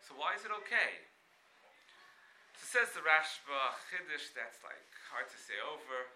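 Bright-voiced man giving a Talmud class. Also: fairly high pitch, a little slow, slight background noise. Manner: animated, questioning, frequent restarts. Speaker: Torah teacher. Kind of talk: Talmud lecture. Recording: echoey room with faint ambience.

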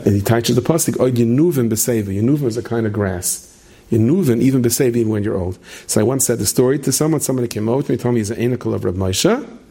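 Middle-aged male rabbi, gravelly and husky, loose storyteller who keeps restarting and quizzing the room. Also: medium pitch, dark tone. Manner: rambling storyteller, many restarts, asks the room questions. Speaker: rabbi teaching a class. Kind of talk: late-night Torah lecture to students.

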